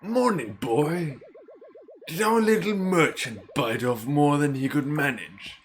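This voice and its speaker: A man voicing a gruff old bearded shopkeeper who scolds and mentors a young boy, reading game dialogue aloud in a slow, deliberate way. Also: on the high side, lively intonation. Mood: stern.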